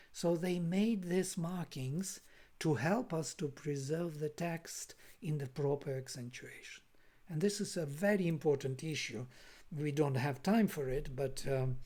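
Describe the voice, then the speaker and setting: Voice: mid-range voice, warm tone. Linguist lecturing with frequent "yeah?" check-ins. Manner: explanatory, checks in with listeners with "yeah?". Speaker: linguist lecturing on Vedic accent.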